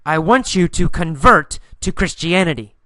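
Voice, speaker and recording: A man teaching an English listening lesson, telling a mini story and repeating each line slowly and clearly for learners. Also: a little high, expressive, pushed and bright, no room sound, studio quality. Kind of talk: guided story narration with instructions.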